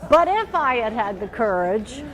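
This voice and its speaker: A woman trainer giving an animated workshop talk, acting out little quoted inner voices as she explains. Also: fairly high pitch, a little slow, some chatter behind, poor audio.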